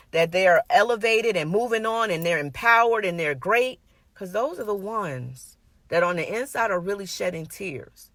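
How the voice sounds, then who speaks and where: A woman's voice: mid-range voice, a bit bright, dry recording. A woman giving an earnest, conversational sermon, emphatic and personal, repeating her points. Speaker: minister.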